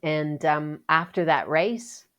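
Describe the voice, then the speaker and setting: Lively storytelling woman from Canada. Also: low-pitched, slow. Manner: animated storyteller, acts out quotes, frequent restarts. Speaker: podcast guest, Paralympic athlete. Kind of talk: casual storytelling interview.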